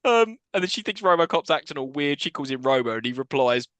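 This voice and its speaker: A man's voice: a little high, animated, fast, fairly bright tone, no echo. A man co-hosting a podcast, animatedly recapping a film's plot and mocking scenes in put-on voices. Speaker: podcast co-host. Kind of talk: casual film-review chat.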